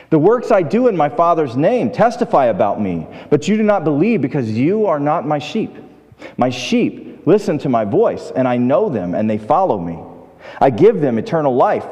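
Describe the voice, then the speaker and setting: In a church sanctuary with the long reverb of a large hall, a pastor with a slightly high, mellow voice preaches a sermon. He talks conversationally with the congregation, asking them questions and acting out the voices in his stories.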